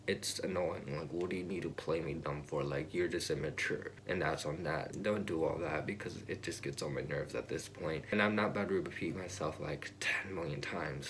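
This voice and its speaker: A teenage boy with a deep, low-pitched voice rants casually to his camera, sounding exasperated and circling back over the same points. He fills his talk with "like", and a faint hiss sits under the voice. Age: teens. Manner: exasperated, repetitive, fillers of "like". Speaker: vlogger.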